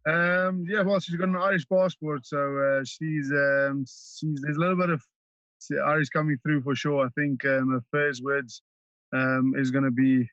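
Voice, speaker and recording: A South African man, a native Afrikaans speaker, chatting casually as a rugby player guest, halting with many ums and restarts. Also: a little high, fairly even intonation, fairly bright tone, no room sound. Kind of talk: casual interview chat. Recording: dull, dry lo-fi line.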